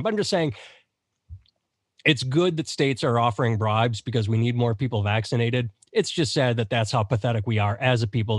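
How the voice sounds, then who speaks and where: A man in his thirties holds forth on a podcast with sardonic, profane ranting. His pitch sits in the middle of the range for a man. The recording is dry and close. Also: dry recording. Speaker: podcast co-host. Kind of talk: casual chat.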